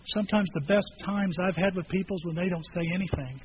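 A pastor preaching a sermon and telling stories, acting out conversations with different voices. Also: male voice, high-pitched, fast, few pauses, muffled recording, a little hiss or hum. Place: church.

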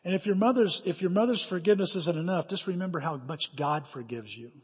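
Brief: middle-aged male pastor, slightly high husky voice, emphatic storytelling sermon, hall reverb. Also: brisk. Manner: storytelling, emphatic, with dramatic quoted asides.

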